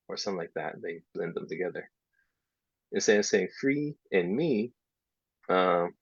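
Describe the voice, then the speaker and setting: A man teaching a casual workshop for English teachers, explaining step by step and dropping into soft half-whispered asides. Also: low voice, normal speed, vocal fry, breathy edge, dry recording. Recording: dull lo-fi sound.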